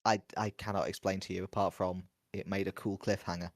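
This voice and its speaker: A man's voice: sits low, flat delivery, fairly quick, no echo. A man co-hosting a podcast, making wry, dry remarks in a casual review chat. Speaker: podcast co-host.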